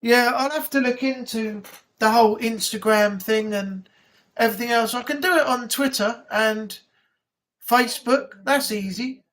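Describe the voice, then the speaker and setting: A host of a casual weekly live chat, talking in a loose, rambling way. They drift from topic to topic and often break into laughter at their own stories. The pitch sits in a middle range. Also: measured pace, fairly bright tone. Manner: rambling, chatty storytelling. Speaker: livestream host.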